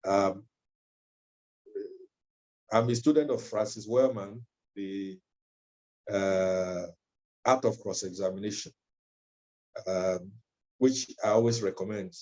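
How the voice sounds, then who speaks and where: Slow, mellow man lecturing. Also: lowish voice. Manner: measured, with frequent ums and uhs. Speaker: legal trainer. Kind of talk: training lecture. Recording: dull lo-fi recording.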